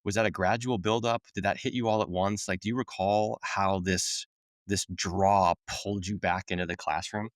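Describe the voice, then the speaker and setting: Male podcast host; deep voice; roundabout, searching questions; dry, close sound. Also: steady tone, moderate pace, no room sound. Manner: long, searching questions with restarts. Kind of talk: interview questions.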